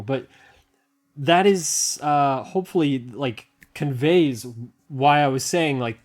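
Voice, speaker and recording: Man, mid-pitched, casual walkthrough, rambling, excitable, frequent laughs. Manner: thinks aloud, rambling with filler words and restarts. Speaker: hobbyist video maker. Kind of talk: casual hands-on tech walkthrough.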